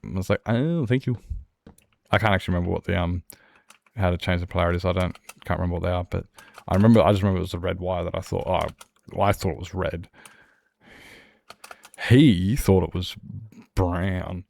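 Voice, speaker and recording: Man, deep gravelly voice, rambling, laughs a lot. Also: steady tone, brisk, long pauses, a little mellow. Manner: rambling, laughs often, self-mocking. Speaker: streamer. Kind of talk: casual gaming stream chat.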